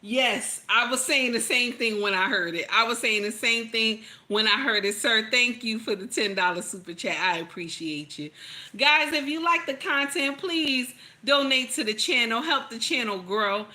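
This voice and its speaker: Bright-voiced, blunt woman streamer. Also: on the high side, normal speed. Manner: blunt, profane, laughs often, reads chat aloud. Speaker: commentator reacting to a clip. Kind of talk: casual live-stream commentary.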